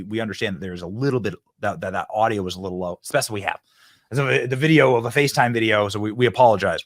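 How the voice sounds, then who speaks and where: A man's voice: fairly high pitch, pushed and bright, dry recording, studio quality. Hyped man hosting political commentary. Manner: hyped, fast, stumbles and repeats words. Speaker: political show host.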